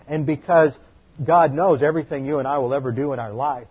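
A man's voice: on the high side, brisk, breathy edge. A man preaching a teaching sermon, emphatic and methodical, spelling out terms and repeating figures for his listeners to note down. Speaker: pastor. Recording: dull lo-fi recording.

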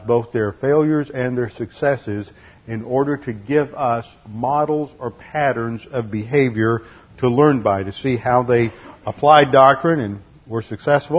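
A man teaching an expository Bible study in a deliberate, lecturing way, spelling out Greek words letter by letter. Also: medium pitch, husky. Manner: lecturing, corrects translations. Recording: slightly muffled lo-fi recording.

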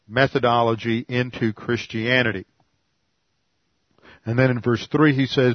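A man preaching a sermon in a measured, deliberate lecturing manner, teaching through a Bible passage. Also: mid-range voice, no echo, muffled recording. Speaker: pastor.

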